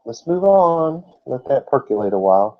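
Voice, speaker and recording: Casting note: male Bible teacher, mid-pitched, talky and explanatory, dull lo-fi recording. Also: big pitch swings, normal speed. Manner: explanatory, conversational, with rhetorical questions. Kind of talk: sermon-style Bible teaching.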